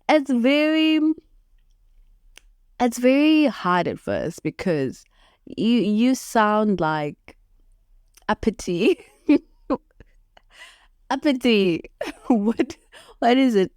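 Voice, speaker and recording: A woman hosting a motivational podcast, speaking in an unhurried, reflective way and often laughing at her own stories. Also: medium pitch, darkish tone, no echo, studio quality. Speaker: podcast host.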